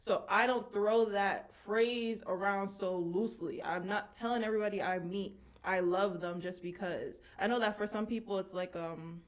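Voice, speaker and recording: A woman's voice: mid-range voice, steady tone, normal speed, few pauses. Blunt, candid woman hosting a podcast. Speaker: podcast host. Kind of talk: casual chat.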